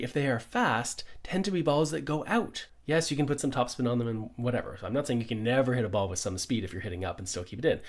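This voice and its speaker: A middle-aged man, a pickleball coach, giving an upbeat conversational lesson full of rhetorical questions. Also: mid-range voice. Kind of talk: instructional explainer.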